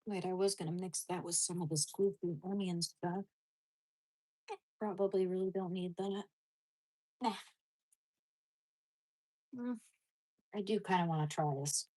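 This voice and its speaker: A woman with a husky, breathy voice chats casually over her food. She keeps turning to talk sweetly to her dogs, apologizing and coaxing them between bites. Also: fairly low pitch, measured pace, pauses often, warm tone. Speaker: vlogger. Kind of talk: casual eating vlog.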